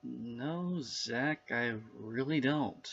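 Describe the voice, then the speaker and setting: A man's voice: mid-range voice, drawn-out words, vocal fry, a bit bright, highs cut off, slight background noise, full character voice. A man voicing a flustered male cinematographer who stammers and pleads in a comedy sketch. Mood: confused.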